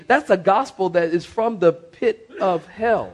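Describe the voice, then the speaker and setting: Middle-aged male pastor, high voice, sermon delivery with dramatic hushed drops and repetition. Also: a little slow, few pauses. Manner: preaching with big swings from loud to hushed, repeating phrases.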